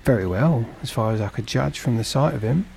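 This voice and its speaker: A man's voice: medium pitch, expressive, fairly quick, creaky, darkish tone, a little hiss or hum. A man narrating a storybook and voicing a polite, earnest young ship's mate.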